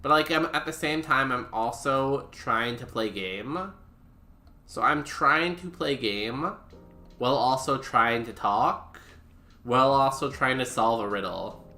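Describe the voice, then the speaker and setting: A man's voice: medium pitch, measured pace, bright, forceful tone. A man streaming a game, chatting casually with goofy, self-mocking humor. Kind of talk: casual gameplay commentary. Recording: roomy echo with music behind.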